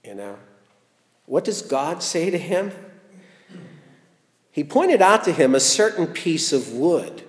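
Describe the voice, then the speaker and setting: A man's voice: on the high side, sing-song, slow pace, long pauses, roomy sound, long reverb tail. A man giving a sermon, retelling a story in a playful way with rhetorical questions. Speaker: preacher.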